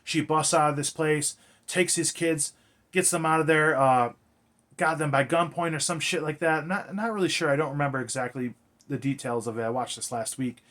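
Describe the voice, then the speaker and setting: A man recaps a film in loose, casual talk, sprinkling in swears and lots of filler words. His voice sits a little on the high side for a man. He rambles from scene to scene with easy enthusiasm. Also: fairly even intonation, normal speed, fairly bright tone. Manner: rambling, profane, filler-heavy. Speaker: movie reviewer.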